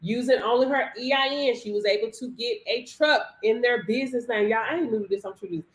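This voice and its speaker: A woman coach talking to viewers on a live stream, animated and slangy, laughing often. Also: a little high, fast. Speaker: business credit coach. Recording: roomy echo.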